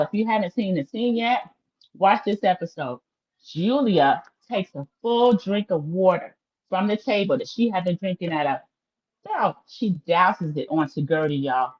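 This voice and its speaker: She has a lowish voice on a muffled recording. Speaking straight to her audience, this woman runs a casual livestream reality-show recap and is talkative and full of opinions.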